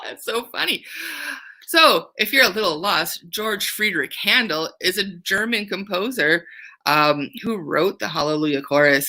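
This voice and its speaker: A young woman teaching children online as a camp counselor, playful and enthusiastic. Her voice is bright and clear, with an upbeat, easy warmth toward the kids. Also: mid-range voice, expressive, moderate pace. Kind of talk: online children's music lesson.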